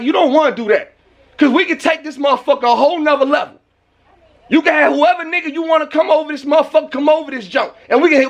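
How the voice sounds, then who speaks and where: A furious man ranting, high-pitched and shouting. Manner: profane, heated, often shouting. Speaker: vlogger. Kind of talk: angry rant to camera.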